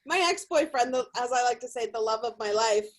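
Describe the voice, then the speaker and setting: Brief: young female comic, high pitch, brash and profane, self-deprecating. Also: brisk, low-quality recording. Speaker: stand-up comedian. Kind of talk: stand-up comedy set.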